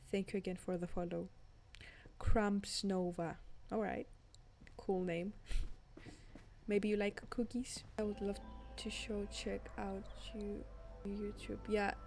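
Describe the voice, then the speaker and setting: A woman's voice: medium pitch, darkish tone. Giggly woman streaming a game. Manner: giggly, thanks chatters and reads game text aloud. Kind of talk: casual live-stream chat.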